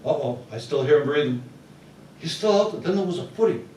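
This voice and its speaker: A man telling comic stories to a live audience on a small theater stage, playful and animated, acting out sounds. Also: a little high, brisk, distant mic, slight background noise. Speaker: storyteller at open mic. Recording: roomy hall, heard from afar.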